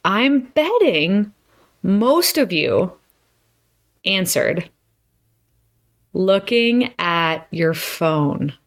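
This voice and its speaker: A woman's voice: mid-range voice, big pitch swings, extremely slow, pauses often. A woman giving a chatty, emphatic motivational talk to her viewers, exclaiming often. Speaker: host.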